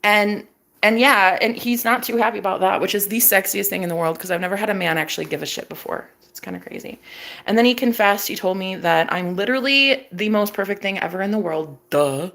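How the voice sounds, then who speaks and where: A young woman talks straight to camera with a bright, sharp edge to her voice. She is sassy and dramatic, swears freely and swings between gossip and bold declarations. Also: medium pitch, a little fast, creaky. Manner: sassy, profane, dramatic storytelling. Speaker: vlogger. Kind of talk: casual chat to camera.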